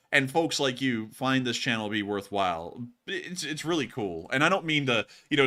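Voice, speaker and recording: Bright-voiced young male stream host. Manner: excitable, laughs and breaks into high yelps. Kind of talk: casual live-stream chat.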